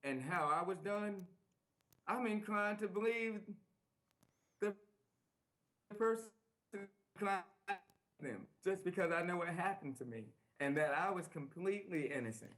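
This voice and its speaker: A man's voice: sits high, measured pace, long pauses, a bit bright. A man who is a studio interview guest, speaking earnestly and repeating key phrases for emphasis. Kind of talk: interview talk. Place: small TV studio.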